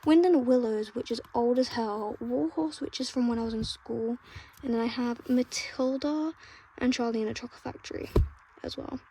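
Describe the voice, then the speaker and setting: A young woman chatting casually through a reading vlog at home, emotional and swearing freely, drifting between soft murmurs and excited outbursts. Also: a little high, normal speed, a little hiss or hum. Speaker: book vlogger.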